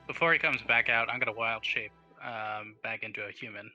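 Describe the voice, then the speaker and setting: Man player, very bright tone, dull muffled sound, music. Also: mid-range voice, a little fast. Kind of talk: playing a tabletop game.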